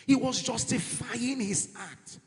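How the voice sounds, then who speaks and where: A man preaching a sermon in church, animated and mixing in pidgin asides. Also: extremely high pitch, takes it slowly. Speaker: pastor. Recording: long church-hall reverb.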